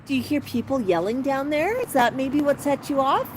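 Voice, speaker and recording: A woman hosting a live stream from her patio, gently soothing her pet bird as if talking to a small child. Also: high-pitched, lively intonation, normal speed. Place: outdoor patio by a street. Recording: outdoor street traffic noise.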